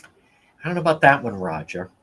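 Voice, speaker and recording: A man's voice: medium pitch, moderate pace, husky. A man hosting a livestream, telling stories in a casual, profane, laughing way. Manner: profane, laughing, animated storytelling. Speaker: livestream host.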